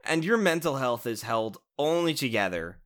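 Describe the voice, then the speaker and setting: A man co-hosting a casual podcast, reviewing a show in an animated, sarcastic rant with lots of swearing and restarts. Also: mid-range voice, normal speed.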